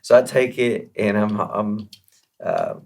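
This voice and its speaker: Male guest, rambling anecdote with fillers, low pitch, gravelly edge. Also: slow pace. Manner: chatty, animated, lots of fillers and restarts. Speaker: guest musician. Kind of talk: casual interview storytelling.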